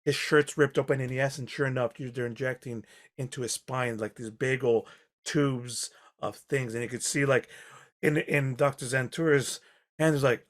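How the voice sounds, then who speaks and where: Halting man running a tabletop game. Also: mid-range voice, fairly even intonation. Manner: rambling, halting descriptions with many fillers. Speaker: game master.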